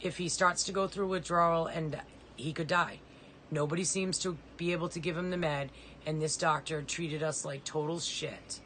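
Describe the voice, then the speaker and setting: A woman's voice: low-pitched, fairly even intonation, normal speed, fairly bright tone, slight background noise, low-quality recording. A middle-aged woman, a mother, making an urgent, pleading personal appeal in plain, direct words. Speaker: mother of a disabled son.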